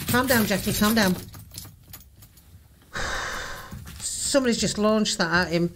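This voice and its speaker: A woman's voice: medium pitch, slow pace, noisy background. A woman hosting a reaction video, swearing and exclaiming as she watches a ghost hunt, panicky and jumpy.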